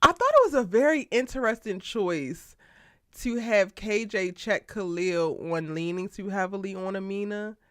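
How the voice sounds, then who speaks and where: A woman hosting a live TV show recap, talking in an animated, slangy, emphatic way and laughing often. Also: medium pitch, normal speed, dry recording, clean studio sound. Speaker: TV show aftershow host.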